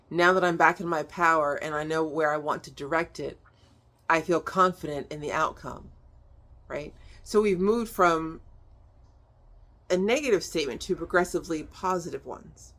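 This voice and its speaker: A tapping instructor explains a technique casually and chattily, in a mid-range, slightly bright voice. He or she fills the talk with plenty of "um," "like," and "right?" and adds some blunt, offhand swearing.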